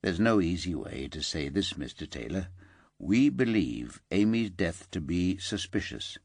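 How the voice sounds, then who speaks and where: A man voicing a calm, grave police detective sergeant who speaks softly and measuredly in an audiobook. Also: deep voice, no room sound, full character voice. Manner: soft, measured.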